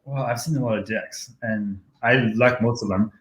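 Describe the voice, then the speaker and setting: A man around thirty speaks with a French accent in a loose, candid interview, laughing easily between his answers. His voice sits at an ordinary pitch and carries the echo of a roomy home kitchen. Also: moderate pace, a bit bright. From France. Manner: laughs often, candid and joking. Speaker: guest. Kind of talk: casual interview chat.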